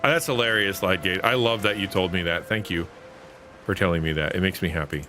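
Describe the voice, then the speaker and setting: A gaming streamer and host with a low-pitched, pushed and bright voice talks a little fast, with slight background noise and game music behind him. His casual live commentary is playful and self-mocking, full of chat with viewers.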